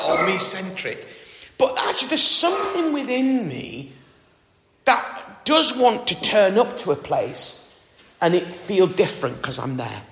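A man's voice: fairly high pitch, bright, forceful tone. A middle-aged man with a northern English accent preaching a sermon in a chatty, self-deprecating way, often asking the congregation questions. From northern England. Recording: echoey hall with long reverb.

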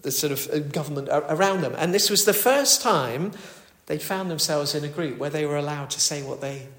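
A man delivering a sermon, talking conversationally with the odd filler and restart. His voice sits a little high for a man. The church around him makes the sound roomy and echoey. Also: expressive, fairly quick, a bit bright. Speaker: preacher.

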